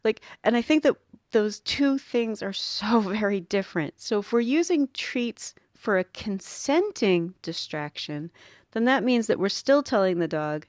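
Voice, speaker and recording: A woman's voice: mid-range voice, moderate pace, no echo, studio quality. A woman, a dog groomer hosting a show and explaining training in a chatty, self-interrupting way. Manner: chatty, self-interrupting, acts out little voices. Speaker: podcast host and dog groomer. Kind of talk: casual teaching talk.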